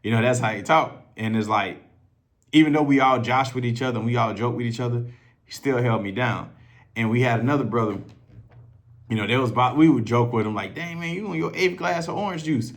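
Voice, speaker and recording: A man's voice: medium pitch, brisk. A man in a casual, profane storytelling monologue, talking loosely and conversationally as a self-improvement coach. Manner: loose, profane and conversational, acting out others' voices.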